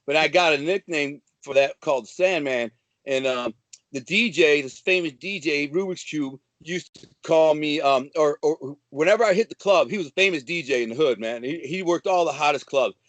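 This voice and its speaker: A man from Detroit, a guest telling swaggering, animated stories in casual chat, full of profanity. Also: a little high, moderate pace, no echo. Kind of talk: casual storytelling.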